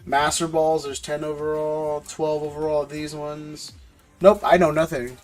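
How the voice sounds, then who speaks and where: High-voiced joking man streaming live. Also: little pitch movement, a little slow, soft background music. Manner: loose, joking, slangy, repeats words. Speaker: live-stream host opening trading card packs. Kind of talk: casual live-stream chat with viewers.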